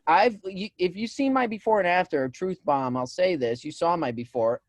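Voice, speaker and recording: A man co-hosting a casual talk show, telling self-deprecating stories with animated energy and bursts of loud laughter. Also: high voice, moderate pace, slight background noise. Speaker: podcast co-host. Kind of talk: casual chat.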